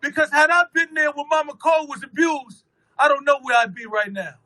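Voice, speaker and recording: A man giving an impassioned protest rally speech, shouting fiery, rhythmic oratory. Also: very high-pitched, lively intonation, brisk, rough recording. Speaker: rally speaker.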